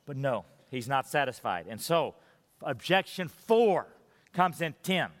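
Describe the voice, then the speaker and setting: A man preaching a sermon emphatically, sinking to quiet, intense low tones on key points. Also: sing-song, a little slow, big-room sound. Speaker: pastor.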